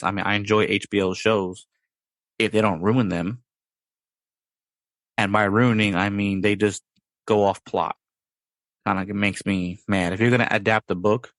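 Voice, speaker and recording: A man's voice: lowish voice, fairly bright tone, dry recording. A man hosting a podcast in casual chat, rambling, with playful sound-effect words. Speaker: podcast host.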